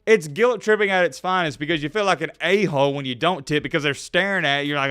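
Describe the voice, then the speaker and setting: A young man giving a solo sports commentary rant, animated and swinging between loud outbursts and low asides. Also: fast, few pauses, clean tone, no room sound, studio quality.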